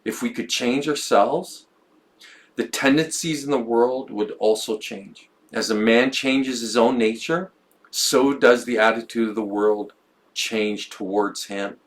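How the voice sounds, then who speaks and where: A man's voice: mid-range voice, fairly even intonation, unhurried. A man talking reflectively on a podcast, thinking aloud and often repeating words as he goes. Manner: musing, stumbles and repeats words. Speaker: podcast co-host. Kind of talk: reflective conversational podcast talk.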